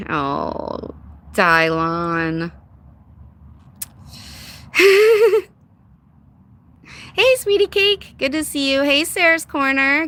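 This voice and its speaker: A woman hosts a casual livestream in a high-pitched, sharp voice. She chats sarcastically, laughs a lot, greets viewers by name and drops words like "dude" and "y'all."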